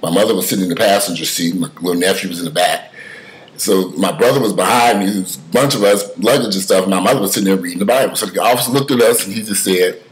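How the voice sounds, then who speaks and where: A man giving casual spoken commentary, telling stories with emphatic swings from loud outbursts to mutters, cursing freely. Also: low voice, fast talker, low-quality recording.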